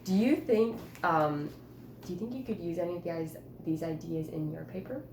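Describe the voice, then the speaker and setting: A woman teacher holding a one-on-one writing conference with a student, patient and encouraging, coaxing with gentle questions. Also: lowish voice, moderate pace, slight background noise. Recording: roomy echo.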